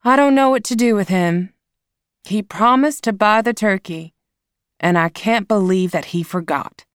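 A woman's voice: mid-range voice, a little slow, clean tone, no echo, clean studio sound, natural voice. A woman reading aloud, voicing a worried, exasperated middle-aged mother in a storybook. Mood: upset.

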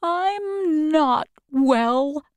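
A woman voicing a gentle storybook scarecrow. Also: high-pitched, sing-song, drawn-out words, dry recording, voice pushed up, exaggerated voice. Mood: plaintive. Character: gentle, simple male scarecrow, sad then grateful.

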